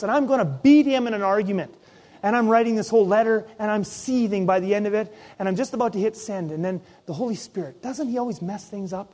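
A middle-aged man preaching from the pulpit as pastor, his voice sitting high for a man. He tells personal stories with energy, acting out his own inner voice and the other people in them. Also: brisk. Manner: animated storytelling, acts out his own inner voice. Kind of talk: sermon.

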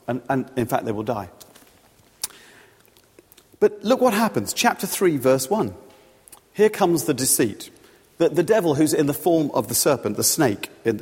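A man's voice: a little high, a little mellow, slightly rough. A man preaching a sermon, telling the story and illustrating it with everyday examples. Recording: long reverb of a large hall.

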